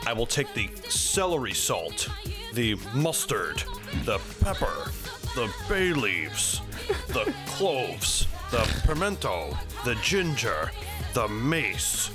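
A man's voice: mid-range voice, wildly swooping pitch, slow, over music. A man doing a stubborn German spice merchant. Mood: proud. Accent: put-on German. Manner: theatrical, sing-song. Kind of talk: comedic podcast role-play reading.

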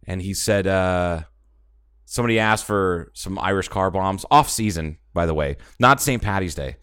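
A man's voice: deep voice, moderate pace, fairly bright tone, clear, resonant tone. A man co-hosting a podcast, telling loose, profane bar stories in casual chat. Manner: loose, profane storytelling with put-on voices. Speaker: podcast co-host.

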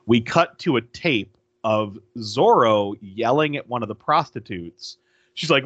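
A man's voice: medium pitch, a little slow, no room sound, dull audio. A man co-hosting a podcast, animatedly retelling a movie's scenes and acting out bits of dialogue. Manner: animated retelling, acts out lines, laughs often. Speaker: podcast co-host. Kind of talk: casual film recap chat.

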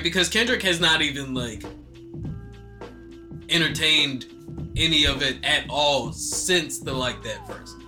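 A man with a slightly high, sharp voice chats casually about rap beef and boxing. His hip-hop commentary is loose and joking, packed with fillers and swearing.

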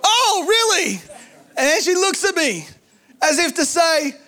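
A man preaching a sermon, telling stories in an animated way with humorous asides. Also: very high voice, normal speed, slight background noise. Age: adult, married.

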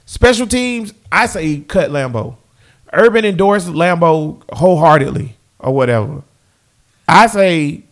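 Animated fan ranting about his team. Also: a little high, measured pace. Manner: animated, repeats phrases, talks straight to viewers. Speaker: sports fan commentator. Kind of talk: casual fan commentary.

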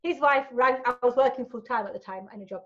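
A woman's voice: on the high side, quick pace, highs cut off. A woman telling personal stories as a podcast guest, frank and sweary, tagging lines with right and you know. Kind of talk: candid storytelling in a podcast chat.

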